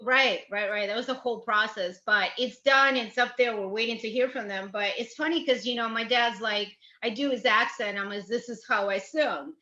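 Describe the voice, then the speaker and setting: A woman from Ukraine chatting casually as a comedy guest, animated and rambling with a self-deprecating streak. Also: a little high, normal speed, few pauses. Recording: echoey dull-sounding room.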